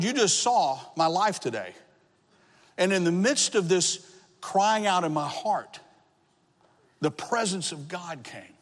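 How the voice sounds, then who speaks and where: A man preaching a sermon, telling his own conversion story with rising emotion and shouted praise. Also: on the high side. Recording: long hall reverb.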